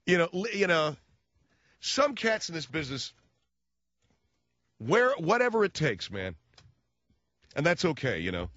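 A male talk radio host rambles through a joking monologue, his pitch leaping up and down as he riffs. The sound is dry and close, with a dull, muffled broadcast quality. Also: sing-song, measured pace, pauses often, fairly bright tone, dry recording. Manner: wisecracking, riffing, acts out voices.

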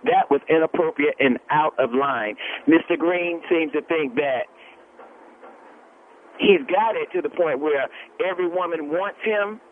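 A woman with a low voice calling in to a radio show, talking bluntly and repeating her points. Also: a little slow. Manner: blunt, emphatic, repeats herself. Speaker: caller. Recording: tinny phone line with faint hiss.

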